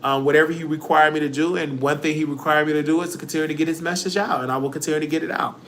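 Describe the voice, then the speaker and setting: Gravelly, preachy man. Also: fairly high pitch, fairly even intonation, very fast, a bit bright, slight background noise. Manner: preachy, dramatic, cries often, quotes scripture. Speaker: livestream host. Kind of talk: emotional livestream rant.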